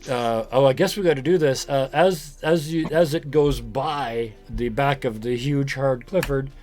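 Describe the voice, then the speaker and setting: A man's voice: medium pitch, a little slow, darkish tone, faint music behind. Joking man running a tabletop game. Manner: loose and joking, laughs often. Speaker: game master.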